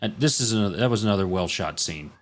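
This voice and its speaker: A male guest chatting in an easygoing, unhurried way. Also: fairly low pitch, expressive, slight background noise. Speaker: guest co-host. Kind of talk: casual chat.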